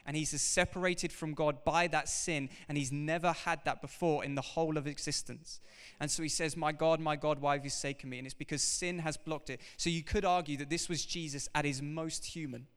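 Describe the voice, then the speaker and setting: A man preaching with an animated, emphatic delivery, his voice pitched a little high for a man and smooth and resonant. His words ring out with a long reverb from a large hall. He talks directly to the congregation as he goes. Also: a little fast, few pauses. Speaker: pastor. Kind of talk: sermon.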